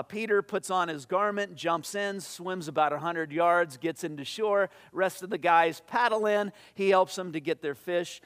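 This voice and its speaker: A man with a rather high voice preaches to his congregation. He tells stories and reads scripture aloud, dropping softer and slower whenever he quotes someone. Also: smooth. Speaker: pastor. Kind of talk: sermon.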